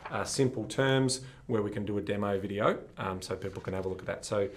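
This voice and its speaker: A man's voice: lowish voice, fast talker, slight background noise. Easygoing Australian man co-hosting a podcast. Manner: jokey, playfully mangles foreign farewells. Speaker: podcast co-host. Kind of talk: casual chat.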